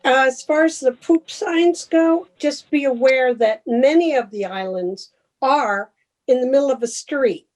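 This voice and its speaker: A woman on a town commission explains her point in a steady, matter-of-fact way and reassures the others. Her voice is a little higher than most. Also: unhurried, rough recording. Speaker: commission member. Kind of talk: casual meeting discussion.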